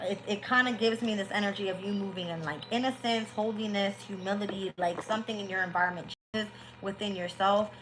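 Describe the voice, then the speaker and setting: A woman's voice: medium pitch, background noise. A woman giving a casual live-stream tarot reading, talking bluntly and swearing freely. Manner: blunt, profane, candid. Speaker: tarot reader.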